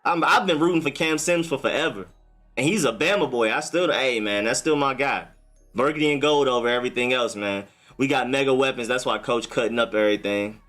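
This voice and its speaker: A young man hosting a casual live stream. He reacts to viewer comments in a relaxed, chatty way and enunciates carefully in his broadcaster voice. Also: mid-range voice, a little fast, faint music behind. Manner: relaxed, chatty, answers chat comments one by one. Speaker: livestream host.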